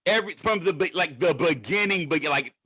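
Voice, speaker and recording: A man from Detroit chatting in an animated, joking way on a celebration call, often stumbling and restarting. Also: on the high side, fairly quick, breathy edge, no echo. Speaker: trading educator. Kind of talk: casual celebratory chat.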